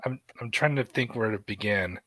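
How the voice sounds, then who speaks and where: A man's voice: fairly low pitch, a bit bright, no room sound. A man and content creator, speaking hesitantly in a casual group chat, searching for words. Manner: hesitant, halting, clears throat often.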